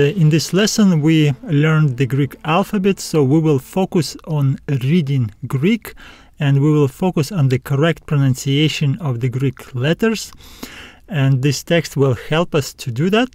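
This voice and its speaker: Male teacher for a video lesson, patient, careful diction, slightly high voice, dry close sound. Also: a little mellow, no room sound, faint music behind. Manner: slow, careful enunciation, spelling out letters. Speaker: Greek teacher.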